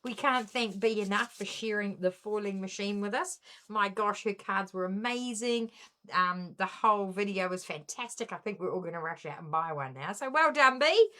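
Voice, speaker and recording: A woman's voice: medium pitch, lively intonation, normal speed, sharp tone. A middle-aged woman with a New Zealand accent, hosting a casual craft live stream and greeting viewers one by one by name.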